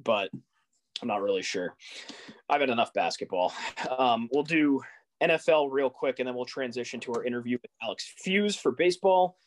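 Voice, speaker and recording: Animated young man ranting about sports. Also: mid-range voice, moderate pace. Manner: animated, exasperated rants with rising questions. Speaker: podcast co-host. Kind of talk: casual sports chat.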